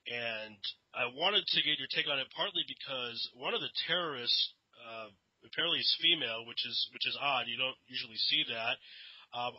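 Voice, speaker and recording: A man's voice: medium pitch, dry recording. Male radio host, dry lo-fi sound. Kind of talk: radio interview.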